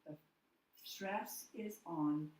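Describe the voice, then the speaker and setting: A woman teaches a phonics lesson in a deliberate, step-by-step way, spelling words out one letter at a time. Her voice sits a little low and moves at a very slow pace. She is recorded from a distance in a strongly echoing room. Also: darkish tone. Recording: echoey room, voice from far off the mic.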